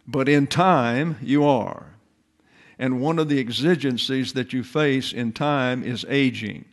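An elderly man in his eighties delivers a sermon from the pulpit. He speaks slowly and deliberately, and his teaching is sprinkled with homespun turns of phrase. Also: medium pitch. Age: 80s. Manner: slow, deliberate teaching delivery with folksy asides. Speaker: pastor.

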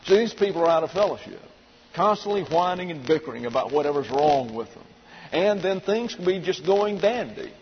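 A man's voice: a little high, animated, brisk. A man teaching a verse-by-verse Bible lesson, methodically spelling out Greek words letter by letter. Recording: dull lo-fi recording in a reverberant hall with faint noise.

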